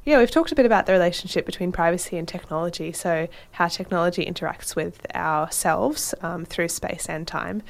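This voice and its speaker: Woman cohost, lowish voice, measured and careful, summing things up. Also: gravelly. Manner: measured, careful, reads a long quote slowly. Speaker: podcast co-host. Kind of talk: casual academic discussion and reading aloud.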